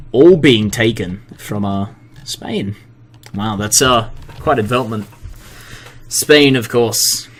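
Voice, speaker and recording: A man with a fairly low voice gives casual commentary over a strategy game from his computer. He talks in a relaxed, self-deprecating way and trips over place names. Faint noise and keyboard typing sit behind him. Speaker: gaming commentator.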